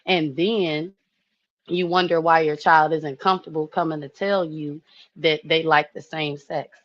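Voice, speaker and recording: A woman in her early thirties telling a personal story to her viewers in a chatty, animated way, often saying "you know". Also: deep voice, unhurried, no echo, highs cut off. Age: 30s. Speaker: vlogger.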